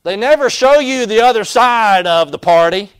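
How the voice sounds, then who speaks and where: Fiery preacher with a smooth voice. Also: male voice, sits high, animated, moderate pace. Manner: fiery preaching with big swings from shouting to quiet. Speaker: pastor. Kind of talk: sermon.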